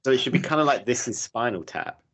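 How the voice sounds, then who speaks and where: A man chatting casually on a podcast, pitching ideas with enthusiasm and plenty of "uh" fillers. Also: expressive, quick pace, fairly bright tone. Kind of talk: casual chat. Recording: dull lo-fi mic.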